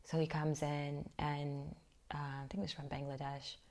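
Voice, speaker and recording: A woman's voice: low voice, little pitch movement, normal speed, darkish tone. A woman vlogger telling a personal story in a reflective way, often dropping to a near-whisper.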